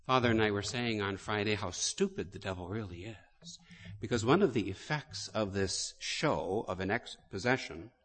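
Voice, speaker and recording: Low-voiced priest preaching in a church. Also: male voice. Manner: slow, deliberate storytelling. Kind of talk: sermon. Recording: long hall reverb.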